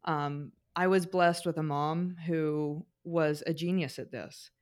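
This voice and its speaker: A woman's voice: low voice, steady tone, slow pace, darkish tone. A middle-aged woman co-hosting a podcast, telling family stories in a casual chat, with frequent fillers and restarts. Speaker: podcast co-host.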